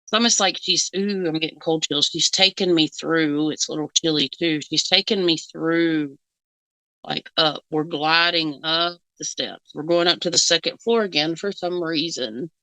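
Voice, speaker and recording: A woman's voice: low voice, moderate pace, pushed and bright, no echo, rough recording. A woman co-hosting a casual reaction chat as a psychic, rambling with fillers and frequent giggles. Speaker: psychic co-host.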